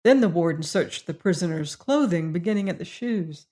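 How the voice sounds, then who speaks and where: A woman reading a classic mystery story aloud as an audiobook narrator, in a measured style. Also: fairly low pitch, lively intonation, mellow. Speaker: audiobook reader.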